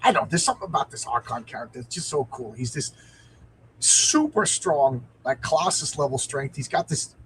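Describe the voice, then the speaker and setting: A man's voice: mid-range voice, expressive, a little fast, a bit bright, slight background noise, low-quality recording. A man hosting a live stream, reading a comic aloud with enthusiasm and answering viewer comments.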